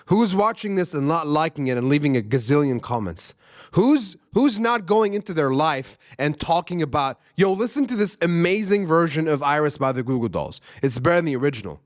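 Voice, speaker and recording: A man's voice: a little high, normal speed. A young man, hosting a music reaction channel and giving casual, emphatic commentary that repeats its points. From Arab world. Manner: excited, emphatic, repeats himself.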